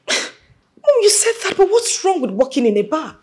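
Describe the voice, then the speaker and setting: A woman's voice: high voice, sing-song, measured pace, a little mellow. A young woman playing a headstrong daughter who argues and pleads emotionally. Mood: pleading. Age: young adult.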